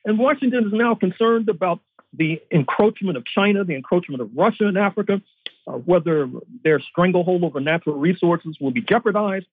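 A man's voice: sits high, fairly quick, breathy edge, no room sound. A man, a history professor, giving political analysis as a guest in long, lecturing historical arguments. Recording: tinny phone-line audio.

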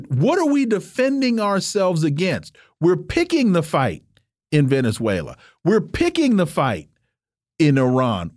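A man's voice: a little mellow, dry recording, studio quality. A man co-hosting a political talk radio show, arguing emphatically with rhetorical questions. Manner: emphatic, rhetorical questions, rising pitch when pressing points.

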